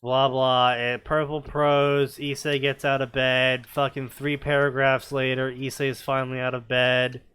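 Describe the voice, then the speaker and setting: A man's voice: medium pitch, little pitch movement, a little slow, hardly any pauses, pushed and bright, smooth. A man reading fanfiction aloud and breaking off into sarcastic, nitpicking commentary, often stammering as he restarts his sentences.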